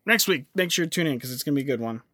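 A man's voice: on the high side, animated, very fast, pushed and bright, no room sound, clean studio sound. A young man hosting a casual podcast, rambling with lots of fillers and restarts. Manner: rambling, filler-heavy, self-interrupting. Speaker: podcast host.

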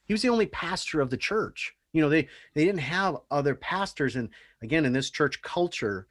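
A man telling stories in a casual podcast chat, animated and earnest. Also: on the high side, moderate pace, dry recording, studio quality.

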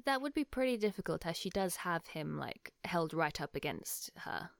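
A woman narrating calmly as game master of a tabletop game. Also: on the low side, moderate pace, gravelly, no echo, studio quality.

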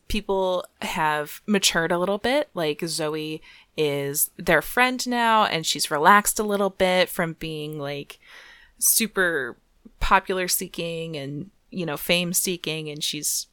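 A young woman chats casually as a podcast host, her voice sitting a little low. She rambles loosely with plenty of fillers and frequent giggles. The sound is close and dry, with no room around it. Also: slow pace, fairly bright tone, clear, resonant tone, no echo. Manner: chatty, giggly, many fillers. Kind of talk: casual chat.

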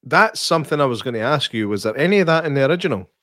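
A man's voice: medium pitch, animated, very fast, a bit bright, no echo, studio quality. Easygoing man chatting films. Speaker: podcast co-host. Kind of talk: casual film review chat.

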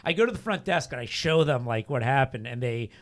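A young man casually telling a rambling story, full of fillers, laughs and quick asides. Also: medium pitch, animated. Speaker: storyteller guest.

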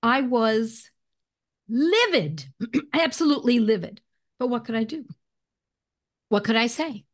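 Animated woman telling a personal story. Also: on the high side, unhurried, long pauses. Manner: animated storyteller who often clears her throat. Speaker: guest, homeopathy educator.

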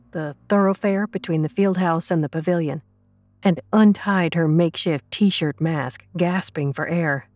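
A woman tells a scripted story in a slow, measured narrator's voice, pitched on the low side. She paces each sentence with care. A soft music bed runs faintly beneath her.

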